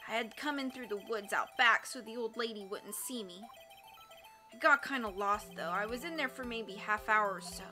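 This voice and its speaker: A shy, frightened young boy, played by a woman, stammers through halting sentences. The voice is high-pitched and bright. It comes across as a video game character read aloud. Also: faint music behind. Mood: scared.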